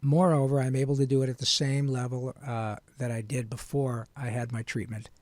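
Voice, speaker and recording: A man, a voice actor, telling his story in an interview in an earnest, animated and frank way. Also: mid-range voice, a little fast, no echo. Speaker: guest voice actor.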